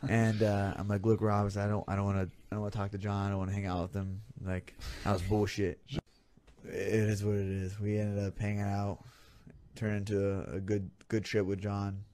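A man's voice: lowish voice, completely flat delivery, brisk, warm tone. A man telling a story as a guest in a casual chat, swearing freely and acting out his own quoted reactions. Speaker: podcast guest.

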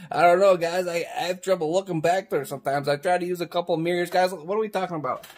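A man's voice: high-pitched, fairly even intonation, fast talker. Goofy rambling man in a basement. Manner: goofy, rambling, keeps saying guys, crude jokes. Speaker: YouTuber coloring on camera. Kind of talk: casual rambling commentary. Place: home basement.

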